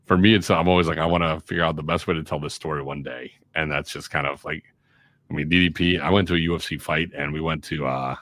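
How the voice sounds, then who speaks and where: A man from Chicago, a radio and voiceover guest, telling animated, self-mocking stories in a casual podcast chat. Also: rumbling low, fast, no room sound. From Chicago, USA.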